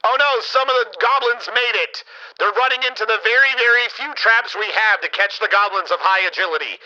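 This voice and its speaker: A man's voice: high-pitched, a little fast, pushed and bright, dull audio, pitched above the performer's own voice. A man voicing a dramatic male radio news anchor through a radio filter, with an announcer cadence. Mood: reporting.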